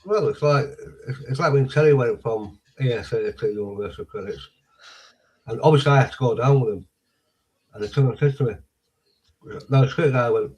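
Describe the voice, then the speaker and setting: A man's voice: mid-range voice, lively intonation, normal speed, pauses often, low-quality recording. A blunt man tells stories in casual chat. He acts out both sides of the exchanges in a middling voice, and he swears now and then.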